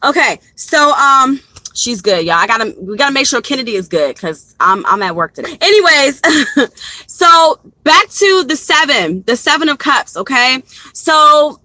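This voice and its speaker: Bright-voiced woman doing a tarot reading. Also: high voice, big pitch swings, normal speed, no room sound, low-quality recording. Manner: chatty, rambling, talks to viewers as y'all. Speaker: tarot reader. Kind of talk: casual live tarot reading. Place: parked car. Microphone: phone.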